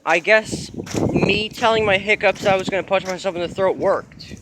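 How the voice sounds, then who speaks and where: A man's voice: sits high, fairly even intonation, normal speed. A young man vlogging casually while walking outdoors, exclaiming in disbelief and laughing. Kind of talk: casual vlog talk to camera. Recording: windy outdoor noise.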